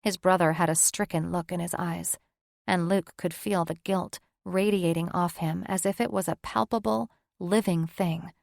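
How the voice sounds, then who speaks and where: A woman narrating a fantasy romance audiobook in an even, measured way. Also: on the low side, gravelly, no echo, clean studio sound. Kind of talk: scripted narration.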